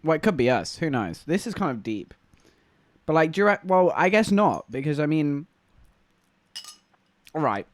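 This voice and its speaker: A man's voice: on the high side, sing-song, moderate pace, long pauses, dry recording. A man with an English accent, chatting casually and rambling to viewers on a live stream. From England.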